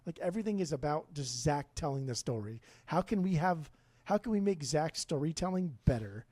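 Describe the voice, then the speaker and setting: Mellow-voiced man, profane and rambling. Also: a little high, expressive, fairly quick, dry recording. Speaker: podcast co-host. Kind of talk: casual podcast chat.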